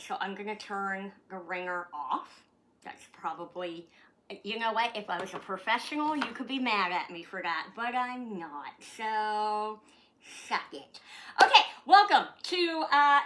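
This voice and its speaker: A woman's voice: fairly high pitch, a bit bright, slight background noise. A woman from Canada chatting casually in her vlog, talking to her dog and swearing freely. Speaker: vlogger. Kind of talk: casual chat.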